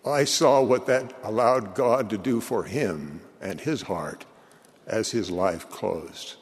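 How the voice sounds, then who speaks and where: Older guy, low voice, slow earnest sermon, long echo in a big hall. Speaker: church leader giving a eulogy.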